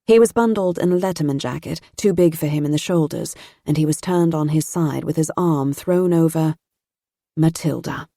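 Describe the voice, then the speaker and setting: A woman narrates an audiobook with a steady, measured storytelling delivery. Her voice is deep, and the recording is dry and studio-clean.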